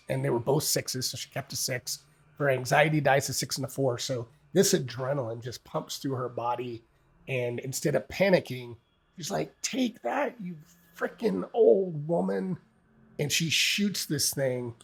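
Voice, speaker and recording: Gravelly man playing a solo tabletop game. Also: medium pitch. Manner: rambling, self-correcting, narrates dice rolls.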